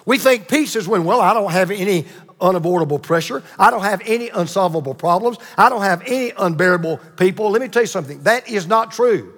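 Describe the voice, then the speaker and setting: A man preaching a sermon with emphatic repetition and dramatic pauses. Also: high-pitched, fairly bright tone, in a large hall. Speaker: pastor.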